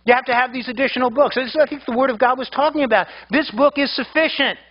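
A man's voice: extremely high pitch, quick pace, muffled recording. A man preaching a sermon as pastor, emphatic and often repeating his words as he builds a point.

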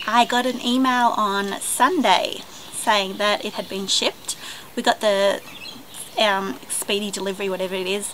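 An Australian woman filming a casual unboxing vlog at home, gushing with excitement, gasping and squealing as she talks to a handheld camera. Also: on the high side. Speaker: vlogger. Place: at home, partly outdoors by the driveway. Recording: noisy home camera recording.

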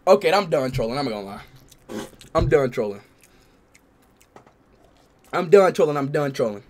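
A young man livestreaming who talks loudly and excitedly to his chat and repeats himself. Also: a little high, normal speed. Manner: loud, excitable, repetitive. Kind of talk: live stream chat.

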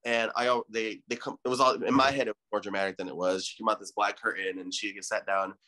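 Thirty-something guy rambling away, bright tone, lots of likes and ums. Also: fairly low pitch, steady tone, fast talker. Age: 30s. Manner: rambling, effusive storyteller. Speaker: podcast guest. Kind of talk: casual chat.

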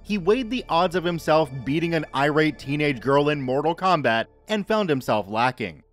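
A man narrating a scripted horror story in a measured, even reading voice. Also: fairly high pitch, faint music behind.

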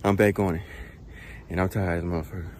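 A man's voice: low-pitched, little pitch movement, fast, a little hiss or hum. A young man, a truck driver, chatting casually to his viewers while working out outdoors in a truck parking lot, out of breath, slangy and rambling, laughing at himself. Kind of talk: casual workout vlog chat.

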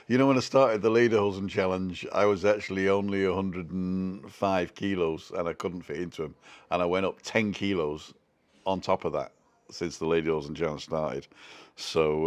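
A man hosting a casual live stream, chatting in a self-deprecating way and reading out viewer comments from home. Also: low-pitched.

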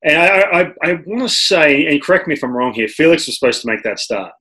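A podcast host and former pitcher with an Australian accent runs a casual interview, telling stories animatedly and often restarting his sentences. His voice is fairly high and brisk.

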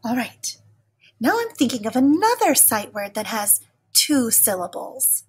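Woman teacher for a kids' lesson; slow, encouraging delivery with a slightly raised, husky tone. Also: a little high, sing-song. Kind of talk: recorded lesson for young children.

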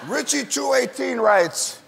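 A man hosting a late-night talk show, joking brashly with sudden shouting bursts in a studio before a live audience. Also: very high-pitched, expressive, slow, vocal fry, a little hiss or hum. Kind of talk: comedic monologue and interview. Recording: roomy studio with audience and music.

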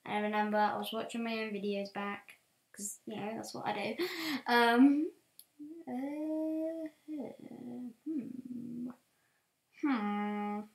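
Woman, let's play host, gameplay commentary, excitable, loud bursts and quiet mutters, slightly high voice, echoey room. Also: slow, gravelly, pauses often. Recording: roomy echo.

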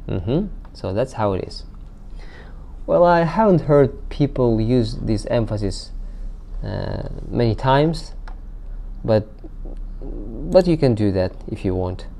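A man teaching a recorded language lesson. He reads out example sentences, then explains them slowly with frequent hesitations and fillers. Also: mid-range voice, animated, creaky, warm tone, a little hiss or hum. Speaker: Arabic teacher.

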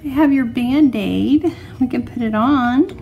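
A woman unboxing and playing with a baby doll, cooing and soothing it in a gentle mommy voice. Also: fairly high pitch, a little slow, vocal fry, over music. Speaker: toy reviewer.

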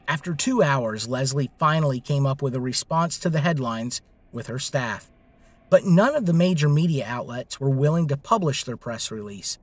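A man narrating a story in a steady, scripted reading. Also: on the high side, dry recording.

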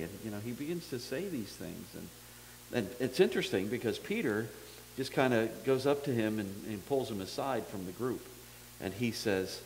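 A man's voice: mid-range voice, animated, moderate pace, slight background noise, rough recording. A man preaching a sermon as pastor, in a conversational, folksy manner with self-deprecating humor, acting out the dialogue of the story.

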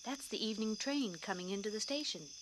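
A woman voicing a calm, easygoing busy man in a bedtime storybook, in a plain, unhurried way. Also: medium pitch, noisy background, close to an everyday voice. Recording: crickets chirping behind.

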